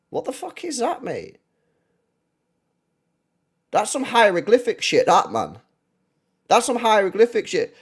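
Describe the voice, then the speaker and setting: A man talks football on a casual livestream. His voice sits a little high and swings widely in pitch. He is blunt and profane, and he doubles back on his own words. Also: slow, pauses often, husky. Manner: animated, blunt and profane, repeats himself. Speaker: football channel host.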